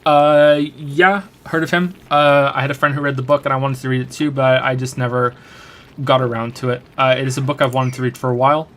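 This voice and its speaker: A man's voice: mid-range voice, little pitch movement, a little fast, a bit bright. A man casually answering chat questions on a live stream while playing a game, rambling with frequent restarts and fillers.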